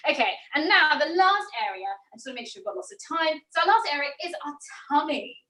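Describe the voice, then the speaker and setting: A woman, a theatre director leading an online acting workshop, talking in a lively, demonstrative way. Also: high voice, quick pace. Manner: lively, demonstrative, laughs often. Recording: echoey room, mic at a distance.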